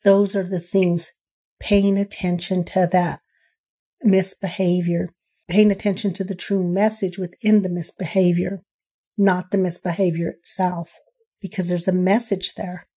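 A woman's voice: lowish voice, measured pace, breathy edge. A middle-aged woman counselor talking earnestly about parenting in an interview, acting out parents and children as she quotes them. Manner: earnest, animated when quoting parents. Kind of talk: conversational interview.

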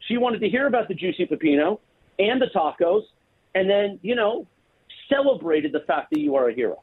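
A man on a thin, tinny phone line talks up his co-hosts in a lively, teasing way, full of mock-grand praise. His voice is high, husky and bounces all over the place. It sounds close and dry. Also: brisk. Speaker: radio show regular calling in. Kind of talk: casual sports radio banter.

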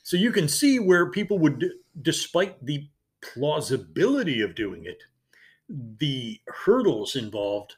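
A man co-hosting a podcast in casual chat who jokes and slips into quick mock voices. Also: a little high, very animated. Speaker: podcast co-host.

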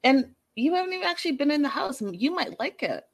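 A woman vlogger chatting casually and recapping a show in an animated, gossipy way. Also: high voice. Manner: animated, gossipy, speeding up and slowing down. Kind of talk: casual chat.

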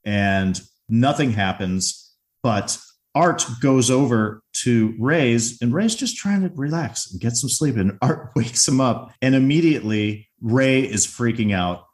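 A man's voice: mid-range voice, expressive, unhurried, a little mellow. A man co-hosting a podcast, casually retelling a movie scene and briefly acting out the characters' lines. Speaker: podcast co-host.

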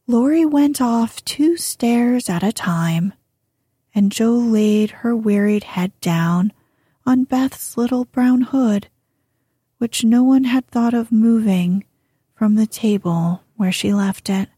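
A woman narrating a classic novel as an audiobook in a gentle, measured reading. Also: on the high side, husky, no room sound, clean studio sound. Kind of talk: scripted narration.

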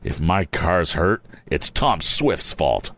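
A man's voice: deep voice, very animated, normal speed, fairly bright tone. A man playing a sneering teenage bully. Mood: surly. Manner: sneering, surly.

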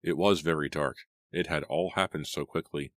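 A man narrating a teen horror novel in a steady, measured storytelling voice. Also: a bass voice, dry recording, studio quality. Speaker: audiobook narrator.

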